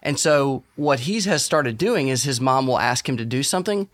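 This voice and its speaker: Guy telling lively stories about home, mid pitch. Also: moderate pace. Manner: animated storyteller. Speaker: guest. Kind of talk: casual podcast discussion.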